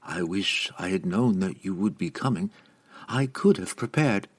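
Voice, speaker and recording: A man doing a soft-spoken noble lady. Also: deep voice, lively intonation, breathy edge, full character voice. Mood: gentle, polite. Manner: polite, measured, hushed.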